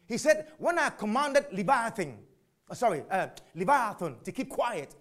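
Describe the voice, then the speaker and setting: Guy preaching, voice way up high and bouncing all over, shouts then whispers. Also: moderate pace. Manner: animated, swings from shouts to whispers; asks and answers his own questions. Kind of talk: sermon.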